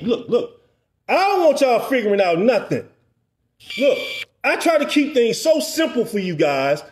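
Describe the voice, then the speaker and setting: Profane, exasperated business coach ranting to camera; high, animated delivery in a roomy space. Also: male voice. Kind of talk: ranting vlog.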